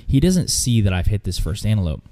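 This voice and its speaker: A man's voice: lowish voice, sing-song, brisk, mellow. A man recounting a hunting trip in casual, rambling storytelling with lots of fillers and restarts.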